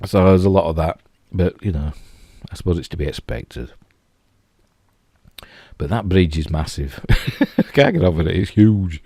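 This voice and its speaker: A man's voice: low-pitched, expressive, moderate pace, creaky, long pauses, warm tone, husky, no room sound, clean studio sound. A man with a Yorkshire accent reviewing a TV episode in a loose, rambling way, full of "you know" and restarts. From Yorkshire, England. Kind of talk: casual spoken review.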